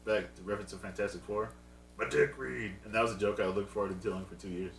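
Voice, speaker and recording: Deep, quick, wisecracking man. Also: level tone. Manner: dry, wisecracking. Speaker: podcast co-host. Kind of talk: casual chat. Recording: roomy, distant mic, faint hum.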